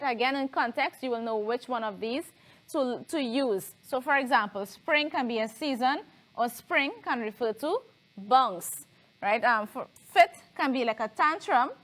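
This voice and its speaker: A woman's voice: fairly high pitch, moderate pace, a bit bright. A woman teaching a televised lesson, explaining patiently and often checking in with tag questions.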